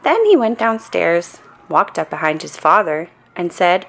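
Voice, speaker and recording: A woman reading a bedtime story aloud, gentle and expressive. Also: fairly low pitch, unhurried. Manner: gentle and expressive, with playful voices. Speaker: storybook reader.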